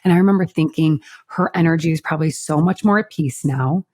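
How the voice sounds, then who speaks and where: Woman, podcast co-host, frank casual chat, lowish voice, dry close mic. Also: brisk, a little mellow, no echo. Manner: chatty, frank, swears casually.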